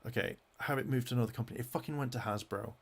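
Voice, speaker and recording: A man's voice: medium pitch, racing, vocal fry, husky. A man venting in an angry vlog rant as he clicks through web pages, swearing constantly and restarting his sentences. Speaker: fan vlogger.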